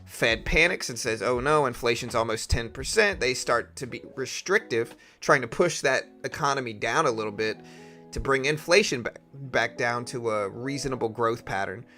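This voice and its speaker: A man's voice: mid-range voice, moderate pace, bright, forceful tone, soft background music. A young man casually talking markets on a live trading stream, opinionated and chatty as he reads out chat messages.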